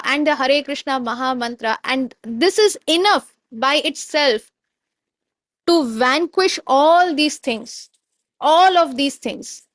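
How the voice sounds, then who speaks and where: A woman giving a devotional storytelling talk, animated and digressive, sometimes stopping to search for a word. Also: high voice, dry recording, studio quality.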